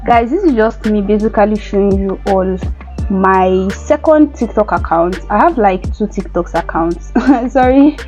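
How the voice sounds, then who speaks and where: A woman's voice: medium pitch, measured pace, over music, poor audio. A young woman, chatting casually and giggly in a home vlog. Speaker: vlogger.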